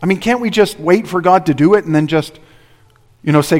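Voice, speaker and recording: A man's voice: high voice, brisk, darkish tone. A man preaching a sermon as pastor, earnest and driving his points home with repeated rhetorical questions. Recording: reverberant hall.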